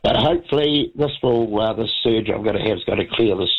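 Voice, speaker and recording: A man's voice: lowish voice, fast, breathy edge. A man, a congested voice and a rambling, chatty manner, calling in to a radio show. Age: 70s. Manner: chatty, meandering, many restarts. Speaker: radio caller. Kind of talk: rambling casual phone chat. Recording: dull lo-fi radio phone line.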